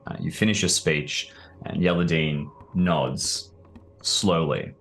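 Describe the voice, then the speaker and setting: A man's voice: extremely low pitch, takes it slowly, creaky, fairly bright tone, a little hiss or hum. A man running a tabletop role-playing game as game master, narrating the scene with descriptive, filler-laced speech.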